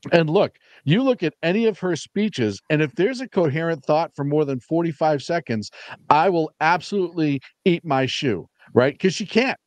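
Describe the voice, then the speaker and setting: A man's voice: fairly high pitch, animated, normal speed, no echo. A man talking bluntly on a heated political panel, rambling and restarting his sentences.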